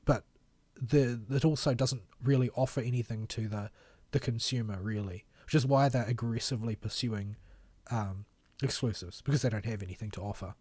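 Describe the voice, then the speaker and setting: A man's voice: mid-range voice, moderate pace, hardly any pauses, no echo. A man co-hosting a long streamed podcast, giving opinionated commentary and rambling until his words trail off, his voice tired. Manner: critical, rambling, trails off quietly. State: voice tiring after long stream. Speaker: podcast co-host.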